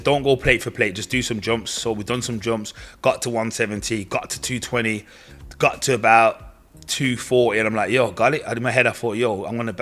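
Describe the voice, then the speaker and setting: A man's voice: medium pitch, sharp tone. A young man telling his own story in casual, slangy speech, acting out what others said to him. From Britain. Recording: faint music behind voice.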